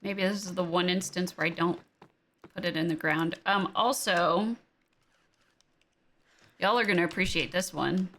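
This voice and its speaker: A young woman streamer talks through her game in a loose, chatty way, playful and quick to exclaim over what she has made. Her voice is bright and forward, with a sharp, clear edge. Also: lowish voice, a little hiss or hum. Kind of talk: casual gameplay commentary.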